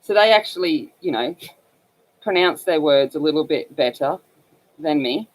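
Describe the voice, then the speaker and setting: A woman's voice: sits low, lively intonation, moderate pace. A woman from northern Australia with an Australian accent and a scratchy voice, chatting casually and rambling with many fillers as she hosts a coloring livestream. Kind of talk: casual chat while coloring.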